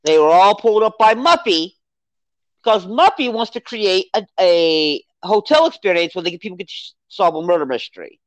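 A podcast co-host in a casual movie review chat, rambling and animated as they recount the plot. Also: mid-range voice, normal speed, no echo. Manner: rambling, animated, acts out character quotes.

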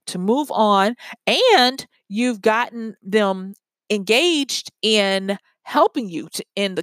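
A woman's voice: mid-range voice, fairly bright tone, no room sound. A woman explaining ways to end a conversation politely, acting out short example lines and laughing now and then. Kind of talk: instructional talk.

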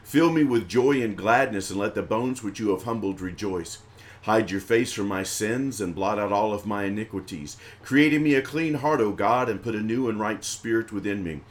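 A man's voice: fairly low pitch, normal speed. Man intoning prayers, Southern US accent. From American South. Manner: intoning prayers in a raised chanting voice, chatty and laughing between. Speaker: prayer leader streaming live services. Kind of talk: chanted liturgical prayer and casual stream talk.

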